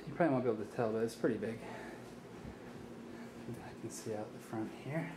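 A man's voice: mid-range voice, fairly quick. A young man, out of breath from hauling boxes, giving a casual tour of a new apartment. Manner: relaxed, offhand touring commentary. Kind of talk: casual walkthrough narration. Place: new apartment, indoors and outside on stairs. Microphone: handheld camera mic. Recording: noisy handheld camera audio.

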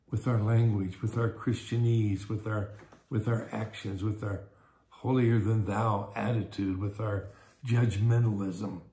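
A man's voice: lowish voice, warm tone, reverberant. An older man, a pastor teaching a Bible study in a conversational way, often repeating words and acting out small everyday scenes.

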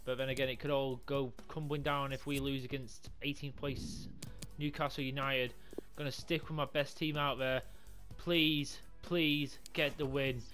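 A man commentating his own football video game run, swinging from calm talk to swearing and yelling at the screen. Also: mid-range voice, normal speed, few pauses. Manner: excitable, sweary, yells at the game. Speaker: gaming YouTuber. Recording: music playing behind.

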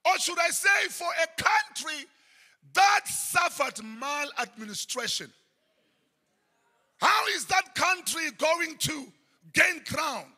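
A middle-aged South African man preaching a sermon, often breaking into shouted high bursts. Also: very animated, slow. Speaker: pastor. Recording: long church hall reverb.

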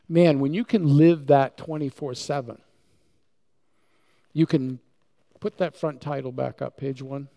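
A man's voice: mid-range voice, steady tone, measured pace, creaky, pauses often, dark tone. A man pastor preaching a sermon in a church, emphatic and repeating key words for effect. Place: church sanctuary.

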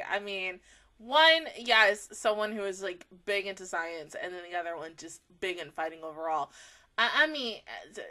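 A woman hosting an anime reaction video, talking expressively and swinging between laughing, near-crying and shouting. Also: mid-range voice. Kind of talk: emotional anime reaction commentary.

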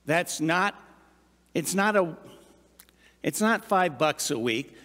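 High-voiced pastor preaching in a hall. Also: male voice, slow. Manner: conversational, animated preaching with asides and questions to the congregation. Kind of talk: sermon. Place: church sanctuary. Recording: long reverb of a large hall.

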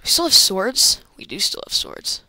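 A woman's voice: normal speed, no echo. A woman commentating her own video game play in a casual, rambling way, often exclaiming, into an old computer microphone. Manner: excitable, rambling, frequent exclamations and laughs.

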